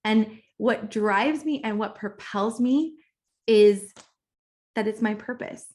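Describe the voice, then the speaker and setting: A woman's voice: mid-range voice, takes it slowly, a little mellow. A woman in her thirties, a business coach, tells her personal story in a casual, candid way in a recorded course module, sometimes getting emotional and emphatic. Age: 30s. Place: at home, kitchen nearby.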